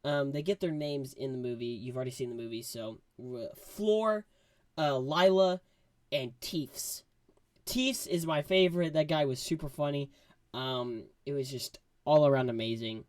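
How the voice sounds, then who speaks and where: Man, casual movie review, excitable, rambling, lots of fillers, dry close sound. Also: medium pitch, moderate pace, no echo.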